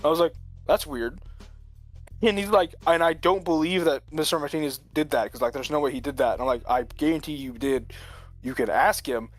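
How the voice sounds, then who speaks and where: A man's voice: on the high side, fairly quick, faint music behind. A man telling a long story in casual chat, rambling with lots of filler words and frequent chuckles. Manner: rambling, full of "like", chuckles often.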